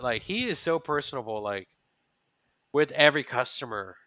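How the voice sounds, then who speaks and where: A man co-hosting a podcast, chatting casually and thinking out loud about an episode. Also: mid-range voice, lively intonation, normal speed, dry recording, lo-fi sound. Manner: chatty, musing, thinks aloud. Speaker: podcast co-host. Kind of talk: casual chat.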